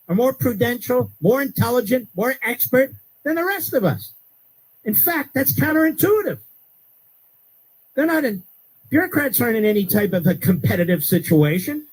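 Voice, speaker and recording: Radio host guy ranting emphatically, voice swings all over and jumps high. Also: breathy edge, rough recording. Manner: emphatic, rising to sharp high-pitched outbursts. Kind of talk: political commentary monologue.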